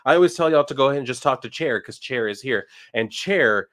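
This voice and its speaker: A man's voice: mid-range voice, animated, fairly quick, a bit bright. A man live-streaming casual chat, reading viewer messages and talking animatedly with frequent swearing.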